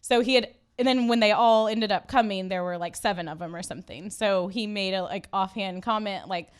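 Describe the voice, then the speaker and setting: A woman co-hosting a podcast in a studio, telling stories in a chatty, animated way with lots of fillers. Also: mid-range voice, a little fast, smooth. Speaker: podcast co-host. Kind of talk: casual chat.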